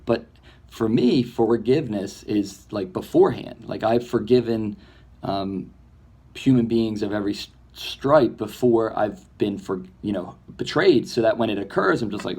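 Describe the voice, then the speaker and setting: Man, low voice, rambling reflective monologue, animated, acts out imagined voices. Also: unhurried, slightly rough. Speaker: comedy filmmaker.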